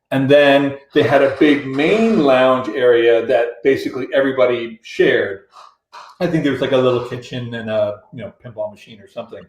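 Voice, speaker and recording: Chatting casually on a radio show, a male musician spins a long story, restarting now and then and voicing other people's lines. His pitch is medium, and the recording sounds roomy and rough.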